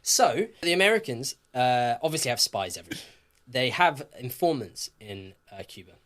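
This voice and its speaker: A man's voice: medium pitch, moderate pace. Man telling history like a story. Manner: lively, jokey, swears, laughs often. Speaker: podcast co-host.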